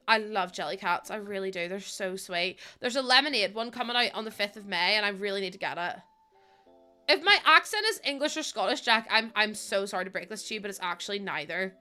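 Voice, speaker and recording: A woman's voice: medium pitch, bright, forceful tone. A woman in her twenties from Northern Ireland with a Northern Irish accent, chatting casually and answering viewers on a live gaming stream. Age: 20s. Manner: chatty, giggly, answers chat.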